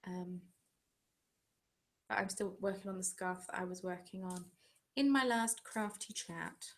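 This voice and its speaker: A woman with a voice on the low side and a fairly bright tone speaks at a measured pace. She's a craft channel host from England, answering viewer comments in a casual, self-deprecating live-stream chat at home.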